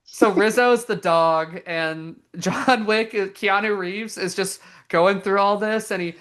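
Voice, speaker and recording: A young woman co-hosting a podcast, chatting casually in an animated, giggly way with lots of fillers. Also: mid-range voice, slow pace. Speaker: podcast co-host. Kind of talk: casual chat.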